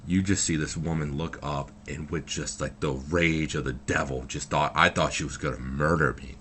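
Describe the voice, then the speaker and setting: This young vlogger has a bass voice with a steady, bright, forceful tone at a moderate pace. Slight background noise sits under his loose, rambling account of something from his own life, which is full of fillers and swearing.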